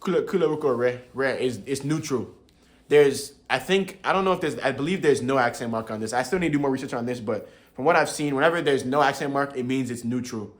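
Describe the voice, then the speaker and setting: A young man with a mid-range voice talks fast as he explains tones to his viewers. He's a language learner, laid-back and chatty, chuckling often and calling everyone bro.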